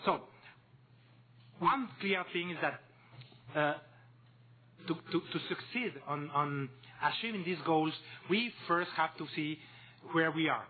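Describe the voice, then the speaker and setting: A man's voice: on the high side, animated, takes it slowly, long pauses. A man with a Spanish accent giving a conference presentation, hesitant and repeating words, with joking asides. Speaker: conference speaker. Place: meeting room. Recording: tinny phone-like audio with faint hum.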